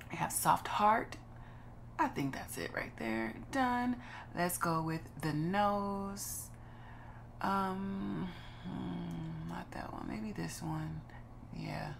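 A woman's voice: medium pitch, vocal fry, a little hiss or hum. A woman from Los Angeles hosting a gaming channel, giving casual, chatty gameplay commentary and musing aloud while she chooses.

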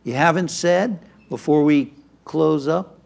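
A man's voice: fairly high pitch, takes it slowly, gravelly, a little mellow. Affirming male interview host. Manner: affirming, frequent agreeing interjections. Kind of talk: conversational interview.

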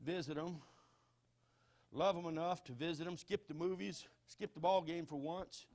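A high-voiced man with a Southern US accent preaches to his congregation. His delivery swings from hushed, earnest appeals to loud, passionate exhortation. He sounds middle-aged and speaks as a pastor. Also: fairly even intonation, normal speed. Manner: fervent, swings from quiet pleading to shouting. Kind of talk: sermon. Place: church sanctuary.

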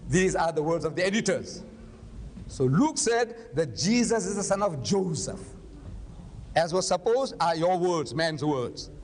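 An older man lecturing and debating in public, forceful and argumentative, firing rhetorical questions. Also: fairly high pitch, lively intonation, measured pace. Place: large lecture hall. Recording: long hall reverb, faint noise.

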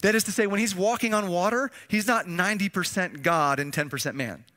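A male pastor preaching with a high, lively pitch. His voice is bright and forward, and he talks to the congregation conversationally, sinking low and soft to stress key phrases. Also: fairly quick. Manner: conversational preaching with audience call-and-response. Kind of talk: sermon.

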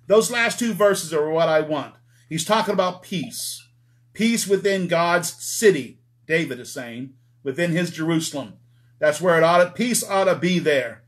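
Emphatic preacher with a higher voice. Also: male voice, lively intonation, unhurried. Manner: emphatic, repeats key words, checks in with "all right?". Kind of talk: Bible study sermon. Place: church.

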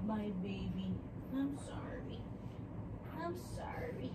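A woman's voice: high-pitched, a little slow, recorded from a distance. A woman filming a home vlog, talking to her baby in soothing, coaxing, sing-song baby talk. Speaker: mother. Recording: echoey room with background noise.

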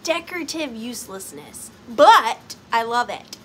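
A woman's voice: fairly high pitch, lively intonation, a little slow, pushed and bright, a little hiss or hum. A young woman selling vintage items in a bubbly, playful live sale, chatting to her pieces as if they were friends. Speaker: online vintage seller. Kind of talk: casual live sale chat.

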